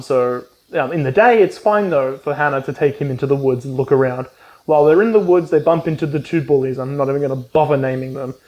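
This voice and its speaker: A man's voice: medium pitch, a little mellow, rough recording. A man recapping a book casually, rambling with lots of ums and swearing, and acting out the characters' lines. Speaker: book reviewer.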